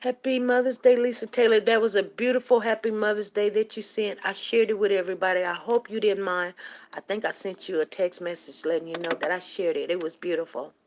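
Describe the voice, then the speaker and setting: A woman's voice: mid-range voice, steady tone, a little fast, a little mellow, a little hiss or hum. A woman hosting a casual livestream, talking straight to her viewers in an emphatic, preachy way. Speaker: livestream host.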